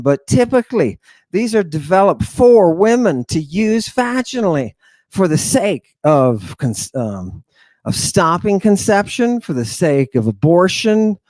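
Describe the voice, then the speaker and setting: A man hosting an animated lecture on word meanings, talking emphatically in an excitable, jokey, irreverent way. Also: high-pitched, no echo. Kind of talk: animated lecture to an online audience.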